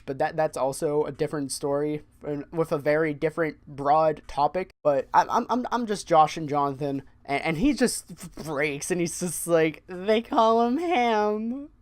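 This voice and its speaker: A young man telling a story on his vlog, animated and profane, often repeating words as he gets excited. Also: on the high side. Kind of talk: casual storytime monologue.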